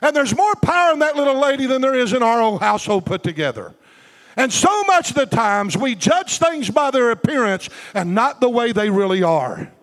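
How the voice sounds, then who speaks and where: A pastor delivers a fervent sermon in rhythmic bursts, calling for amens. His voice sits very high for a man. The sound rings with a long reverb from a large hall. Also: big pitch swings, normal speed. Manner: fervent, rhythmic, call-and-response preaching.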